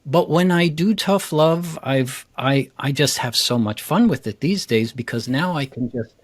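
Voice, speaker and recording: A man who coaches public speaking talks in a podcast interview, animated and eager, jumping up in pitch to stress his points. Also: a little slow. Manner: animated, enthusiastic, jumps up in pitch for emphasis. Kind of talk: casual interview chat.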